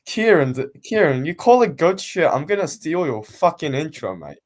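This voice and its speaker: Man, podcast co-host, lively swings in pitch, loud, swearing banter. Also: normal speed. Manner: animated, swears a lot, breaks into laughter. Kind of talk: casual chat.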